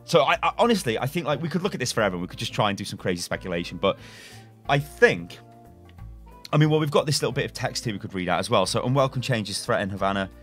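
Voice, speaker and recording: A young man thinks out loud in front of his webcam, reading bits of text and guessing at what they mean. His voice rises and falls a lot as he rambles, stumbles over words and corrects himself with little chuckles. Faint music plays behind him. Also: medium pitch, very animated, fast talker. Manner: rambling speculation with frequent self-corrections and chuckles. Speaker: gaming YouTuber. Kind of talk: casual reaction commentary and reading aloud. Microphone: webcam setup at a desk.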